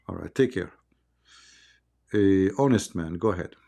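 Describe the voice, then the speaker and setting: A man hosting a live debate stream while sick with the flu, his voice low and gravelly with creak. He needles callers in a sarcastic, mocking tone, using broken English grammar, over a stream mic. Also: lively intonation, slow, dark tone. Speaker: debate host.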